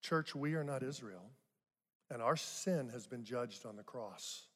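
A man's voice: mid-range voice, lively intonation, a little slow, fairly bright tone. An older man preaching a sermon as pastor, conversational, with rising emphatic bursts on key points. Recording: long hall reverb.

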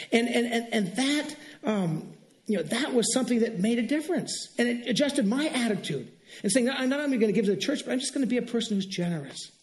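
A middle-aged male pastor preaching a sermon, telling stories in an animated way and laughing. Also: very high-pitched. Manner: animated storytelling, exclaims and laughs.

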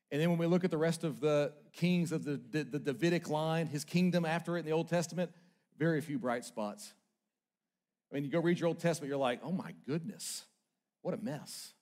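A man preaching a sermon as pastor, with emphatic delivery that swings between loud urgent peaks and quiet low asides, building repeated short phrases.

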